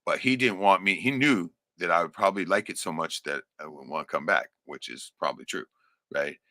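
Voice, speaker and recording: A man's voice: sits low, brisk, pushed and bright, no echo, clean studio sound. A middle-aged man telling a rambling, profane personal story in casual chat. He laughs often and keeps checking in with "right?".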